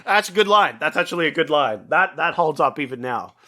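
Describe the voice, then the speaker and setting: Animated and brisk, this man speaks with a fairly high pitch and a bright, forceful tone. He's co-hosting a podcast, casually reviewing an old film while rambling, swearing, and dropping plenty of fillers.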